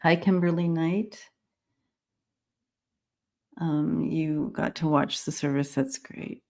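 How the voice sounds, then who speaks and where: A woman's voice: sits low, steady tone, slow, gravelly, darkish tone. A woman hosting a live stream, greeting viewers by name and talking casually with many fillers and restarts. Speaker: host of a live-stream psychic reading show.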